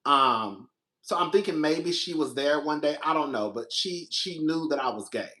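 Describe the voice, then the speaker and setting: A young man hosting the show tells a personal story casually and with animation, speaking at normal speed. When he quotes his own reactions, he jumps into a high voice.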